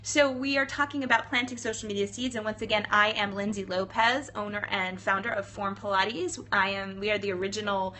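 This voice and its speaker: A chatty woman talking to viewers on a casual live stream, bright and forceful in tone. She sounds upbeat and speeds up when she gets excited, tossing in "right?" and quick hellos. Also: mid-range voice. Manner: upbeat, chatty, greets viewers often, says "right?" a lot. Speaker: Pilates studio owner live-streaming to viewers. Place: indoors in New York City.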